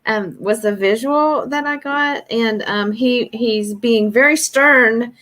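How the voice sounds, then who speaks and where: A woman on a spiritual group video call, softly sharing a vision and searching for words. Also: a little high. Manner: soft, slow, searching for words. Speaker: channeling participant.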